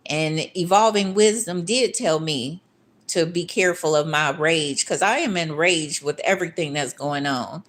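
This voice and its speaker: A woman's voice: on the low side, a bit bright. A woman vlogger in a casual ranting monologue, blunt and profane, angry and repeating herself when she gets worked up.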